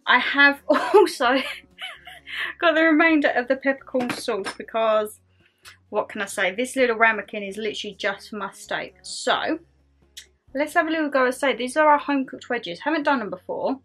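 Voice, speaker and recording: A woman's voice: high-pitched, moderate pace, fairly bright tone. A woman vlogging casually to camera over dinner, chatty and self-mocking, talking with her mouth full. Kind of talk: casual chat to camera while eating.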